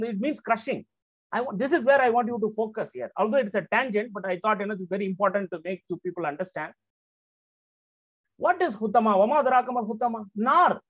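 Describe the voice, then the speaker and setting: Male Quran teacher, high voice, explanatory lecture style with frequent check-ins, dull lo-fi sound. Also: no room sound. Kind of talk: religious lecture. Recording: slightly dull, dry lo-fi recording.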